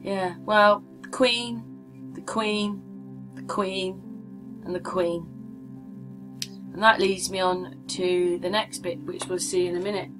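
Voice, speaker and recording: Over music, a woman talks through maps in a chatty, wandering vlog, regularly asking the viewer for their opinion. Her mid-range voice stays steady as she takes it slowly and pauses often.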